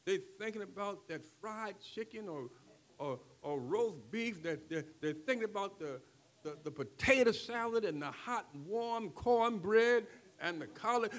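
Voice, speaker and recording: An older man preaching a sermon, who keeps checking in with the congregation and moves from quiet talk to shouting. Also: sits high, expressive, a little slow. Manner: call-and-response preaching, swings from soft talk to shouting. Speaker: pastor.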